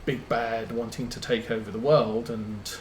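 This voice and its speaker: Slow, rambling man streaming a game. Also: medium pitch, fairly even intonation, slight background noise. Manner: rambling anecdotes with many ums. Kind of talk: casual chat while playing a farming game. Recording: roomy echo.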